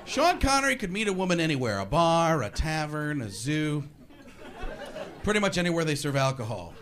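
Animated male stand-up comedian, live crowd. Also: on the high side, moderate pace. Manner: animated, bouncing into impressions and asides. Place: comedy stage before a live audience. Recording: live club recording with crowd and hiss.

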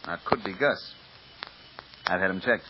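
A man playing a brisk, businesslike police lieutenant. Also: low voice, close to an everyday voice. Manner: matter-of-fact, businesslike. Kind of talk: 1950s radio drama acting. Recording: muffled old radio recording with hiss.

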